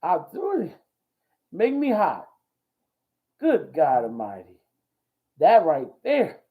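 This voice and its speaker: Man hosting a ministry talk, whooping, repeating lines, swooping animated pitch, dull lo-fi sound. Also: slow pace. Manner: exclamatory and repetitive, whooping with excitement; preachy, folksy church talk. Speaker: host. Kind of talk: live ministry talk show. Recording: dull lo-fi audio.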